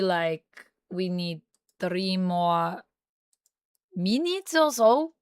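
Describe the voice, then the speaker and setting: A woman's voice: on the low side, big pitch swings, very slow, pauses often, clean tone, no echo. A woman streamer chatting casually on a livestream, reading viewer comments aloud and answering them, at times in a playful mock French Canadian accent.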